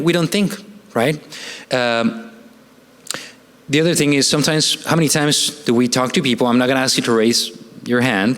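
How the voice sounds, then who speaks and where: A man's voice: medium pitch, a bit bright. A man giving a conversational presentation to a church audience, often asking rhetorical questions and ending points with "right?". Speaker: church family seminar speaker. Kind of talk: presentation talk with slides. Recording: long hall reverb.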